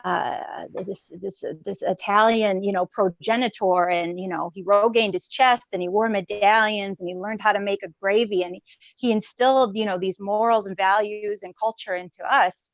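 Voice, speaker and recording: A woman's voice: medium pitch, fairly even intonation, moderate pace, no room sound. Rambling woman comic on a muffled call. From Chicago. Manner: rambling, self-deprecating delivery with many fillers. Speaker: stand-up comic. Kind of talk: stand-up set over video call. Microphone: video call. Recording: muffled video call audio.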